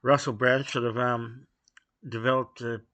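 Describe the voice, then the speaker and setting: A man talking off the cuff in a blunt, dismissive way, pausing often with fillers as he gives his opinions to camera. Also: medium pitch, flat delivery, bright, forceful tone. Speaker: video host giving opinions. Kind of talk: unscripted opinion monologue.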